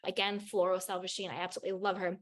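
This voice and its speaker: A woman's voice: on the low side, level tone, very fast. A woman guest on a podcast, giving candid spiritual advice in a raw, blunt way, swearing freely and repeating phrases for emphasis.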